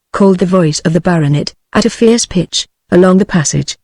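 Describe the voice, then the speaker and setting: A text-to-speech voice of a woman with a British English accent reading a classic novel aloud in an even, machine-read manner. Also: lowish voice, brisk, hardly any pauses, no room sound. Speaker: audiobook narrator.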